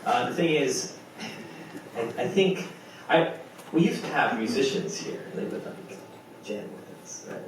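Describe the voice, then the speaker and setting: Man, animated pitch, encouraging audience, loose and coaxing, echoey club, distant mic. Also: a little slow, long pauses. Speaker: open mic poet. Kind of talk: spoken word poetry, leading the audience. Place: poetry club stage, live audience. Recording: very echoey club room from far off, noisy.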